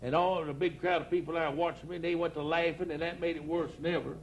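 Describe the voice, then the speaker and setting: A man's voice: on the high side, flat delivery, fast talker, dull audio, slight background noise. An older man, a country preacher telling rambling comic stories to a live audience and laughing at his own jokes. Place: outdoor church campground before a live audience.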